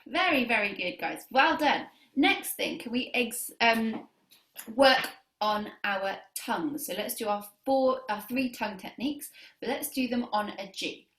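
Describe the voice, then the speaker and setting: A woman's voice: fairly high pitch, lively intonation, unhurried, a bit bright, reverberant. Encouraging woman teaching clarinet. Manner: encouraging, counts students in, lots of praise. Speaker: music teacher. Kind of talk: beginner clarinet lesson video.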